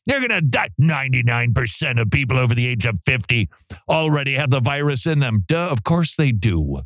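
A man's voice: medium pitch, expressive, fairly quick, no room sound. A man hosting a radio show from a studio, talking casually, joking and laughing often. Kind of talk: casual talk-radio monologue. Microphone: studio mic.

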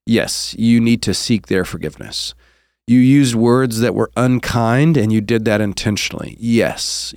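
Earnest, lowish male podcast host teaching. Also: no echo, clean studio sound. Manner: earnest, explanatory, cites scripture references. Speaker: host and counseling professor.

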